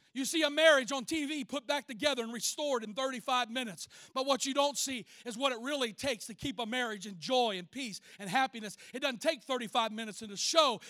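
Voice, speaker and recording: A man's voice: very high voice, dry recording, clean studio sound. A man preaching a sermon as pastor, telling folksy stories and calling out to the congregation. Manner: folksy, animated storytelling, calls out to the congregation.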